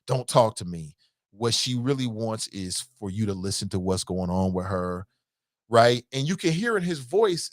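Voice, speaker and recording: A man's voice: medium pitch, no room sound. A male talk show host speaks in a casual, slangy way, swinging his voice up and down as he makes his points. He repeats himself for emphasis and laughs easily. The sound is dry and close to the mic. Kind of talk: call-in show commentary.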